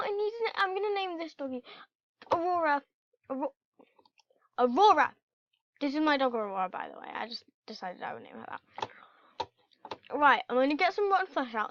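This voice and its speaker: A woman giving casual, excitable commentary while playing a video game and chatting to her in-game pets. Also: high-pitched, normal speed, pauses often, no echo. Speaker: gameplay channel host. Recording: dull lo-fi home recording.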